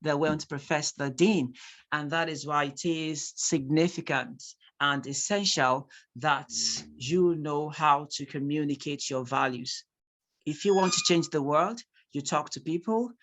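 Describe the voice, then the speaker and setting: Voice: mid-range voice, unhurried, a bit bright. A speaking tutor with a Nigerian accent teaching a live online class, reading out replies from the chat and repeating key points for emphasis.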